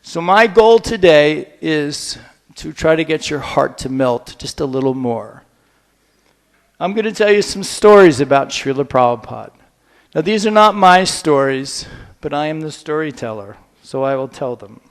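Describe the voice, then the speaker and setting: Male lecturer, playful storyteller, high-pitched and very lively, gets the crowd joining in. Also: normal speed. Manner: animated, playful, drives audience participation.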